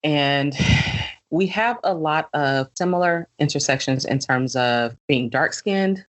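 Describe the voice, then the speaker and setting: A woman's voice: sits low, unhurried. A woman hosting a podcast, chatting casually and easily with lots of fillers. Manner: relaxed and conversational, with many fillers. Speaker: podcast host.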